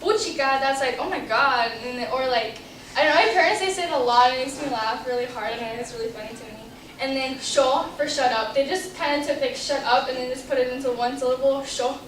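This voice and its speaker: A woman's voice: high-pitched, a little fast, slight background noise. A young woman giving an informative class speech, chatty and explaining with examples. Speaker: student giving a class presentation. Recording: roomy classroom audio from a distant camera.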